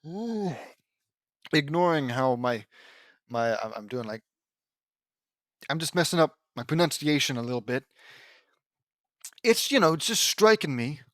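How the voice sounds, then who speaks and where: Slow, rambling fan fiction reader. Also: mid-range voice, sing-song, a bit bright, no echo, clean studio sound. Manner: rambling, exasperated asides with frequent restarts. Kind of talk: casual reading with commentary.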